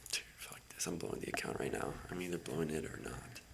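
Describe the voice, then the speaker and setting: A man's voice: extremely low pitch, fairly even intonation, quick pace, vocal fry. A man muttering his way through a live trading session, frustrated, swearing and often half-whispering. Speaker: trader streaming his own trading session.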